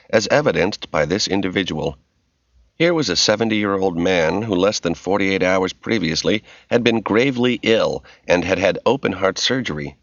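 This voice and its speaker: A man narrating an audiobook in a steady, even storytelling manner. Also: low voice, creaky, no room sound. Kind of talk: scripted narration. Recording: dry, dull, muffled.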